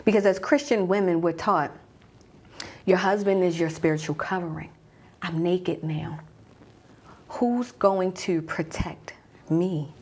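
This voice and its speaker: A woman around forty, a mom coach, telling a personal story as a guided journey, dropping to a hush at tense moments. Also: fairly low pitch, slow pace, long pauses, slightly rough.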